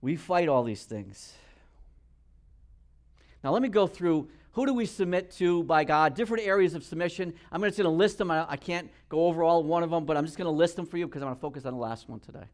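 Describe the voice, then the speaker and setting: A male pastor delivers a sermon in a slightly raised register. He tells true stories in an earnest way, stumbles over words and restarts them, and softens to a near hush when he drives a point home. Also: on the high side, animated, fast talker. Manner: earnest storytelling with many restarts.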